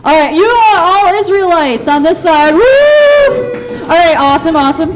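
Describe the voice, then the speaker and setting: A woman leading a children's Bible skit on a church stage, playful and upbeat, with quick cheering bursts. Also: very high-pitched.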